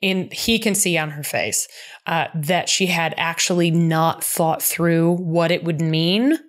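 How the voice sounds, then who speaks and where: A woman co-hosting a podcast, chatting casually and animatedly as she recaps a TV episode. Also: fairly low pitch. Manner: animated, quick bursts of speech, acts out characters' lines. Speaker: podcast co-host.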